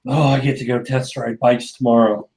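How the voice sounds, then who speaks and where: Offhand, laid-back guy at an ordinary middle pitch. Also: little pitch movement, moderate pace, a little mellow. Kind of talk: casual chat.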